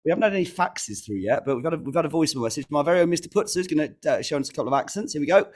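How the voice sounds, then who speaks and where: A man's voice: fairly high pitch, lively intonation, racing, a little hiss or hum. Chatty man on school radio. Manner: chatty, laughs often, restarts a lot. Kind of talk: casual radio chat.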